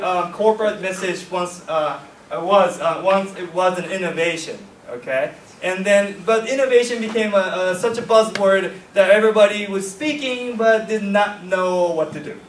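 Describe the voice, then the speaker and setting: A man's voice: sits high, a little slow, fairly bright tone, a little hiss or hum. A man giving a workshop lecture casually, often checking in with "okay?" and "right?". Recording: echoey hall, voice from far off.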